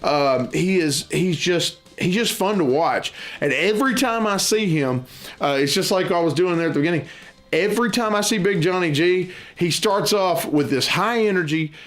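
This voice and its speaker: A man's voice: sits high, animated, normal speed, soft background music. A man hosting a board game channel, chatting to camera in a rambling, enthusiastic way, often restarting his sentences. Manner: loud and boisterous at times. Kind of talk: casual chat to camera.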